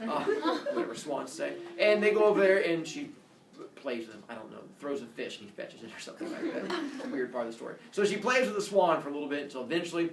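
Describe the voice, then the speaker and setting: A man's voice: on the high side, quick pace, gravelly. A man telling a myth to children in a goofy, playful way, full of silly asides. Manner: goofy, animated, jokey asides. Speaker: storyteller for children. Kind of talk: playful storytime narration. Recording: echoey room, distant mic, noisy.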